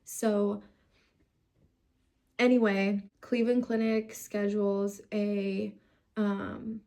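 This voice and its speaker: A woman's voice: medium pitch, little pitch movement, extremely slow, darkish tone. A young woman from the United States tells her own story to camera, frustrated and close to tears, swearing as her emotions rise. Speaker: vlogger.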